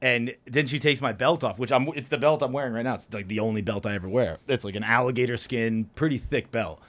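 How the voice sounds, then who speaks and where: A podcast guest tells a rowdy story casually and fast, laughing along the way. When he reenacts his own yells, his voice jumps into high yelps.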